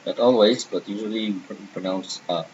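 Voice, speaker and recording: Man, French teacher, deliberate and patient, dull lo-fi recording, faint hiss. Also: fairly low pitch, darkish tone. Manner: slow, deliberate, repeats sounds for learners. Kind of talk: patient language lesson.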